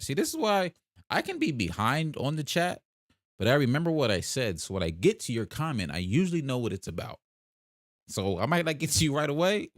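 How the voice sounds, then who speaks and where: This casual livestream is hosted by a young man from South Jersey, USA, who chats with a South Jersey accent while reading and answering comments. His voice is low-pitched, and the sound is clean studio audio with no room noise.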